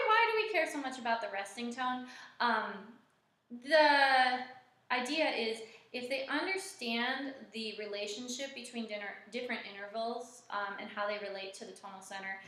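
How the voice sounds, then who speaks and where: A woman music teacher talks through a casual lesson demo in a fairly high voice, chatty and full of fillers. She breaks into short sung solfege patterns now and then. The room around her is very echoey. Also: moderate pace, bright, forceful tone.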